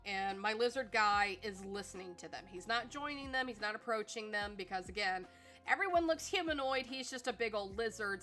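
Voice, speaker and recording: Bright-voiced woman telling a rambling story. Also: medium pitch. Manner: rambling and animated, full of fillers and acted-out quotes. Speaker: streamer. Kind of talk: casual storytelling on stream.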